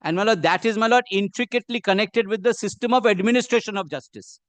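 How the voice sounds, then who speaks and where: High-voiced Indian English advocate in court. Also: male voice, dry recording. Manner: measured and deferential, says "my lord" constantly. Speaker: advocate arguing before a judge. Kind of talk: formal courtroom argument.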